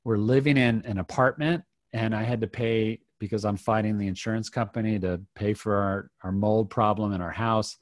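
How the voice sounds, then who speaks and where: A man's voice: lowish voice, steady tone, moderate pace, hardly any pauses, dry recording, clean studio sound. A middle-aged man, a podcast guest, telling a personal story in an earnest, reflective way with many restarts.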